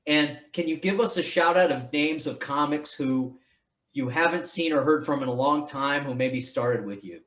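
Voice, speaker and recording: A man's voice: fairly high pitch, moderate pace, a bit bright, reverberant. A man hosting a podcast in casual chat, rambling and restarting his sentences, swearing now and then. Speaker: podcast host.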